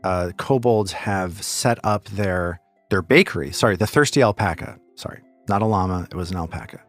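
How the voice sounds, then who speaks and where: A man's voice: deep voice, normal speed, faint music behind. A man running a tabletop game as game master, narrating scenes with frequent restarts and repeated words.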